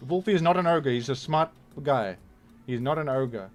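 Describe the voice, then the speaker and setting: A man's voice: mid-range voice, lively intonation, moderate pace, faint music behind. A young man, casually joking and rambling through a live game stream. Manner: joking, rambling, exclaims loudly when surprised.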